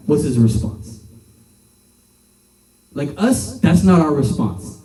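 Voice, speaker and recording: A young man preaches to a youth group in a loose, chatty way, leaning on fillers and acting out the voices of the people he quotes. His voice sits a little high and sounds dark and mellow. It is heard from some distance in a reverberant room. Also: lively intonation, a little slow, pauses often. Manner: conversational, filler-heavy with many "like"s, acts out quoted voices. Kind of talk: casual sermon to a youth group. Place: church hall.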